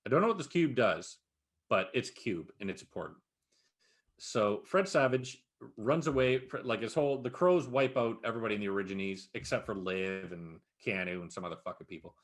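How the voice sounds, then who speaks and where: A man co-hosting a podcast, chatting casually and recapping a series. His voice swings up and down as he tells the story, and he swears all the time in a loose, animated way. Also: on the low side, brisk. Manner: profane, animated recapping with frequent laughs. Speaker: podcast co-host. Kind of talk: casual chat.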